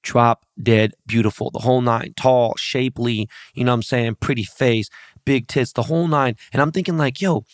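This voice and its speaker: A man's voice: mid-range voice, moderate pace, dry recording, studio quality. A man hosting a podcast in casual chat, brash and profane, telling stories with quoted voices. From born and raised locally. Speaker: podcast host.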